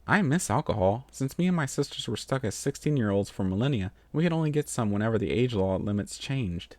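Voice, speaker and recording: A man voicing a bubbly, excitable young female pony who rambles in a high, giddy voice in a storybook reading. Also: fairly quick, no room sound, natural voice.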